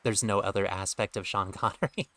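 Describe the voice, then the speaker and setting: A man's voice: on the low side, fairly quick, fairly bright tone, no room sound. A man streaming a game, chatting casually, rambling and joking with offhand swearing. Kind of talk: casual gameplay commentary.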